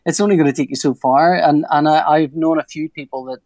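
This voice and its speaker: His voice is a little high yet darkish, steady in tone and fairly quick. A comic artist in his forties, he chats casually in an interview, rambling and self-interrupting with a jokey edge.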